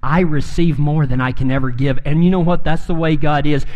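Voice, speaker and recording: A man's voice: on the high side, fairly even intonation, a little fast, darkish tone, highs cut off. A man preaching a sermon, telling stories in a folksy way and building to emphatic peaks. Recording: long reverb of a hall.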